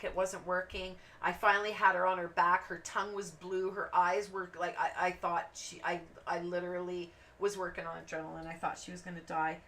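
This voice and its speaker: A woman hosting a craft channel, chatting and telling rambling stories while she colors, acting out the voices of the people in them. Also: medium pitch. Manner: rambling, animated anecdotes with acted-out quotes. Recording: voice a bit distant from the mic, faint background noise.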